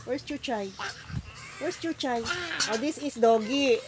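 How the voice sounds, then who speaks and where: A woman's voice: sits high, measured pace, heavy background noise. An older Filipino woman with a Filipino accent, coaxing her grandchild at home with simple questions, mixing Tagalog and English. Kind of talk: casual home video, talking to a toddler.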